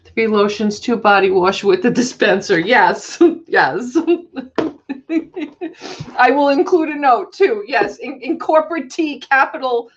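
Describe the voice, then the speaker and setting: A woman's voice: on the high side, measured pace, muffled recording, slight background noise. A woman hosting a live auction stream, laughing through her words. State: laughing to tears. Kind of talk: live selling stream chat.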